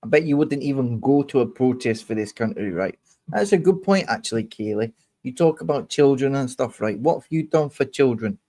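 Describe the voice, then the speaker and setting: This livestream host is a young man whose mellow, medium-pitched voice moves a little fast with lively intonation. He's in a heated rant, swearing and squaring off angrily against a commenter.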